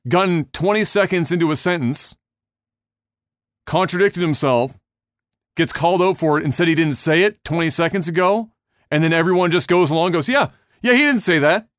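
A man's voice: a little high, moderate pace, no echo, clean studio sound. A man hosting a casual podcast, ranting bluntly and heatedly with lots of swearing. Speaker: podcast host.

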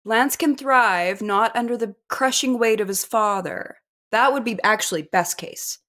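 A woman co-hosting a casual sports podcast, animated and quick to laugh. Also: fairly high pitch. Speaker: podcast co-host.

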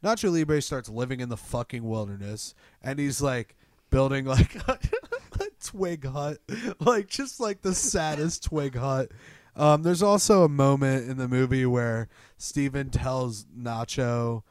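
A man's voice: mid-range voice, a little slow, darkish tone, no room sound. Rambling man in a dry room. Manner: rambling, filler-heavy, laughs, swears. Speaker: friend retelling a movie. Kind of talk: casual chat.

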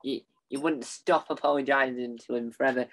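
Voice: medium pitch, steady tone. A young interviewer, a fan, who asks questions eagerly and often restarts mid-sentence. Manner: eager, halting, many restarts. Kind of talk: casual interview.

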